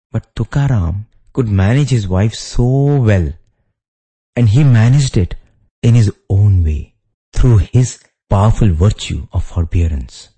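Male devotional speaker, low-ish and warm, storytelling delivery. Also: slightly rough. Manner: storytelling, acts out quoted lines. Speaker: spiritual speaker. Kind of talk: devotional discourse with stories.

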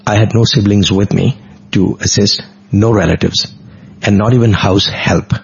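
A man's voice: on the low side, steady tone, moderate pace, vocal fry, husky. A middle-aged man, earnestly recounting a devotional personal story in vivid detail in an interview. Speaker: guest. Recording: dull lo-fi recording.

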